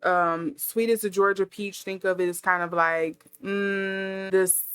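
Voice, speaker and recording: A woman's voice: medium pitch, steady tone, unhurried, a bit bright, smooth, dry recording, soft background music. A woman giving a casual intuitive tarot reading, musing aloud with many fillers as she thinks. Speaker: tarot reader.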